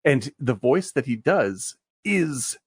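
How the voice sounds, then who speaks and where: A man co-hosting a casual movie podcast, excitable, laughing often and swearing as he talks. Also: mid-range voice, slow, slightly rough, no echo, clean studio sound. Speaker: podcast co-host.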